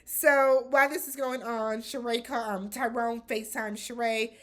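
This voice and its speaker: At a moderate pace and with a voice on the high side, this reality TV recap host keeps things casual, blunt and animated, dropping in some swearing.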